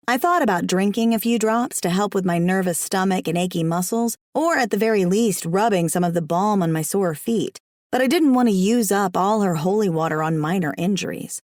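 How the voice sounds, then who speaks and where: A woman reads a first-person audiobook with a wry, expressive delivery. Her pitch sits in the middle range. The recording is dry and close, with no room sound. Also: no room sound. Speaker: audiobook narrator.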